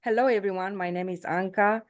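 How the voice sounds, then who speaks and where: A woman in a workshop practicing a self-introduction, hesitant, pausing often. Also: medium pitch, fairly even intonation, no echo, clean studio sound. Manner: hesitant, lots of uh fillers, laughs easily. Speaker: workshop participant. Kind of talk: practicing a pitch, casual.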